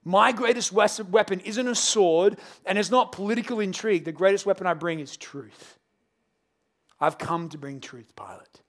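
A man acting out a calm male teacher who speaks low, hushed and measured. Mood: calm, firm. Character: calm, steady male teacher, quietly firm.

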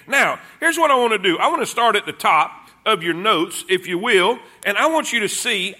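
A man's voice: sits high, pushed and bright. A man preaching a sermon, praying and then teaching with fervent call-and-response. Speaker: pastor.

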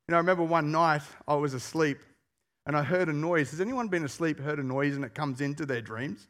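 Animated man preaching a sermon. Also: a little high, a little fast. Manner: animated storyteller who asks the congregation questions. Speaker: pastor.

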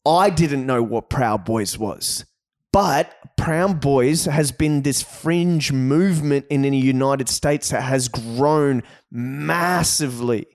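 A man with an Australian accent co-hosting a casual podcast, talking in an animated way, swearing freely and restarting his sentences often. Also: mid-range voice, slow. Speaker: podcast co-host.

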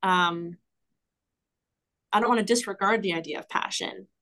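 A woman's voice: medium pitch, moderate pace, bright, forceful tone. Enthusiastic woman podcast guest. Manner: enthusiastic, reflective, frequent fillers and laughs. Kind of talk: casual conversational interview.

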